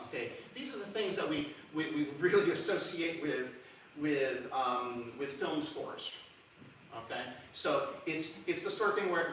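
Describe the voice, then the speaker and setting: A man's voice: a little high, slight background noise. A man giving a public lecture with lots of restarts, humming and singing short examples as he goes. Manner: animated, many restarts, sings and hums examples. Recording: echoey hall recorded from far.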